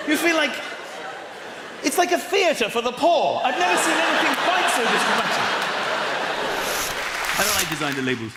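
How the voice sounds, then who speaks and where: High, animated comedian in a hall. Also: male voice, moderate pace, pauses often, over a noisy crowd, very noisy. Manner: animated, laughs through lines, acts out voices. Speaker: stand-up comedian and host. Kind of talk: stand-up comedy. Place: large theatre with live audience. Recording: echoey venue with loud audience laughter.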